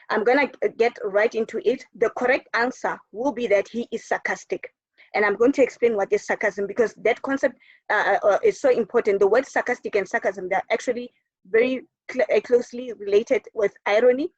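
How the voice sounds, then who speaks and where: A woman's voice: on the high side, dry recording. A woman teacher with a South African English accent giving a recorded lesson, emphatic, repeating words for stress and answering her own questions. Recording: dull, dry lo-fi recording.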